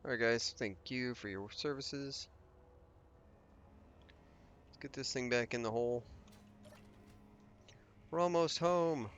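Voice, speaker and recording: A man's voice: medium pitch, steady tone, measured pace, long pauses, a bit bright, dull audio, a little hiss or hum. A man hosting a let's play, giving casual gameplay commentary and thinking aloud as he rambles through his plans with restarts and asides.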